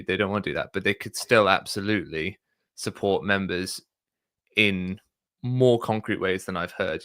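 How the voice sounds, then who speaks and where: A man hosting a casual discussion, talking in a thoughtful, measured way with frequent fillers. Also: low voice, sharp tone, dry recording, clean studio sound. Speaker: podcast host.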